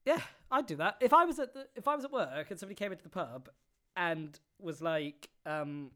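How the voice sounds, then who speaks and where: A woman's voice: mid-range voice, very animated, fairly quick, a bit bright. A woman co-hosting a comedy podcast, giggly and teasing in casual chat. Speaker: podcast co-host.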